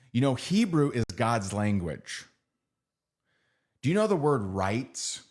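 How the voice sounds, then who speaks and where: A man's voice: lowish voice, animated, slow, pauses often. A middle-aged man giving a motivational training talk. He speaks conversationally, repeats phrases and keeps asking his audience "right?".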